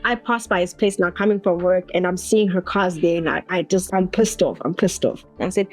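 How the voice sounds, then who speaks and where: A woman's voice: lowish voice, a little fast, hardly any pauses, faint music behind. A young woman tells a personal story as an interview guest, acting out the other people's lines as she goes.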